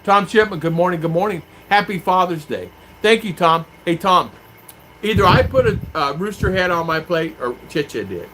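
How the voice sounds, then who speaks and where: A man's voice: sits high, lively intonation, normal speed. A man in a casual live-stream chat, rambling as he reads out viewer comments and answers them. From United States. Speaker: vlogger. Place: home in the Philippines. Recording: clear clicking noise behind voice.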